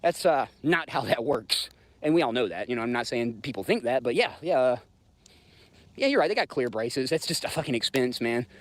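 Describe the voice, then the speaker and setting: A man's voice: medium pitch, lively intonation, a little fast, no room sound. A man in his thirties with a Southern US accent, hosting a livestream and ranting bluntly and profanely to his chat. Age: 30s. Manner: profane, blunt, rambling, talks straight to chat. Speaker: livestream host. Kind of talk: casual livestream rant.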